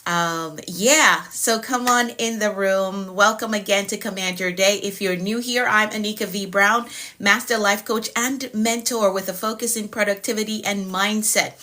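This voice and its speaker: A woman who works as a productivity coach, hosting a casual live stream and warmly greeting her viewers by name over and over. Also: medium pitch, steady tone, moderate pace. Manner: upbeat, welcoming, repeats greetings to viewers by name.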